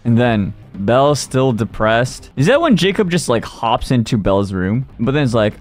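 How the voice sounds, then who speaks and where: Guy streamer rambling through a recap, goofy and playful, mid-pitched, faint music. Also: expressive, normal speed, few pauses. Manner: rambling, playful, acting out quotes. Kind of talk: comedic casual recap.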